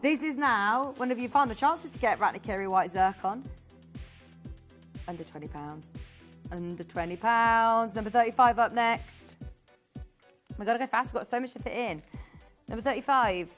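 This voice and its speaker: A woman's voice: on the high side, moderate pace, a bit bright, soft background music. Bubbly woman shopping presenter. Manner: chatty, bubbly, rattles off prices and buyer names. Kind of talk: live TV sales patter. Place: TV studio.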